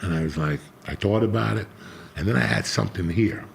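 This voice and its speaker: A middle-aged man with a deeply gravelly, rough-edged voice, spinning a blunt and profane story. He talks low and unhurried, like a host holding court. A faint hiss sits under the recording. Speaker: podcast host. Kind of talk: casual storytelling chat.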